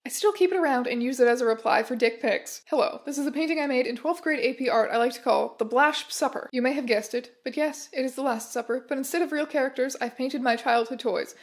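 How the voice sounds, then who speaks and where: A woman's voice: sits high, a little fast. A woman hosting, reading viewer submissions aloud and adding dry, sarcastic asides. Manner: dry, sarcastic asides between read-out posts. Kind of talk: casual commentary reading submissions.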